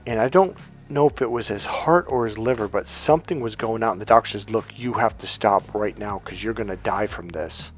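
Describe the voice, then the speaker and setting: A man's voice: on the low side, fairly quick, faint music behind. A man, a life coach, telling a story to his viewers in a rambling, chatty way full of fillers and restarts. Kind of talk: casual storytelling monologue to viewers.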